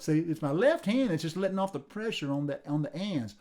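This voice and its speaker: A man teaching a song on ukulele in a relaxed, repetitive way, counting beats aloud and explaining the rhythm. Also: on the high side, over loud music. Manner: sings lyrics slowly while playing. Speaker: music teacher. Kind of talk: instrument lesson. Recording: ukulele playing under the voice.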